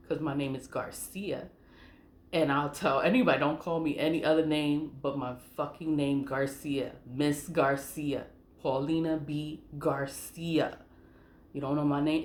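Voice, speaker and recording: A woman with a low voice tells her personal story in a loose, casual way. She is blunt and profane, laughs often, and says the important lines twice. The room around her gives a noticeable echo. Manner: emphatic repetition of key phrases. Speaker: vlogger telling a personal story.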